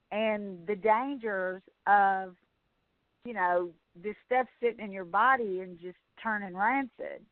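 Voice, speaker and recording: A chatty woman tells folksy stories in a loose, rambling way as she hosts a sales training call. Her voice sits a bit high and comes through a tinny phone line. The sound is dry and close. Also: no echo. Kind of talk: casual chat on a conference call.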